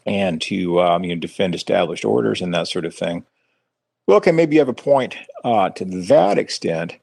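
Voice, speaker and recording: Deep, gravelly male podcast co-host, slightly husky, halting delivery with dry sardonic jabs. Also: expressive, darkish tone, no room sound. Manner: measured, hesitant, with many ums and sardonic asides. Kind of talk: casual political discussion.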